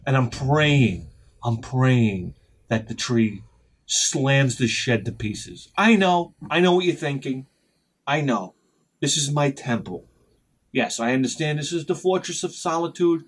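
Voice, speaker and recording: A middle-aged man telling a rambling, profane story as a video host, sometimes shouting as he acts out his panic. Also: medium pitch, animated, a little slow, husky. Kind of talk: casual storytelling vlog.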